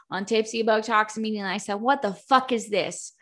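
A young woman with a bright, forceful voice hosts a casual book-recap podcast. She talks in an animated, profane rush, laughs often and slips into little acted-out voices for the characters. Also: mid-range voice, moderate pace. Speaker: podcast host.

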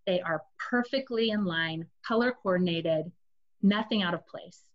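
A woman's voice: on the low side, moderate pace, highs cut off. A woman sharing a personal testimony in a casual, confessional storytelling way, speaking directly to her listeners.

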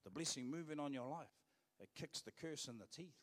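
A man's voice: a little high, animated, a little fast. A man with a New Zealand accent, a pastor preaching a sermon in a casual, emphatic way, repeating his phrases for stress. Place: church auditorium. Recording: long church hall reverb.

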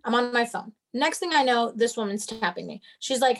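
Young woman, high voice, sassy and profane, casual story chat. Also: brisk, few pauses, fairly bright tone. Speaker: storyteller guest.

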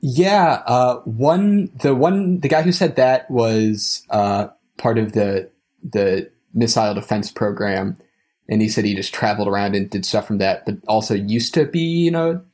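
Halting, wry young man. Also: medium pitch, a little mellow. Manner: wry, halting, laughs between thoughts. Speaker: podcast co-host, trip returnee. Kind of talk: casual podcast conversation.

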